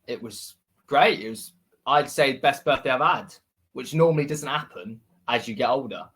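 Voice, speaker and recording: A man's voice: medium pitch, lively intonation, moderate pace, fairly bright tone, slightly rough. A man in his twenties with a West Country accent, chatting casually as co-host of a football podcast with plenty of fillers. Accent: West Country English. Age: 20s.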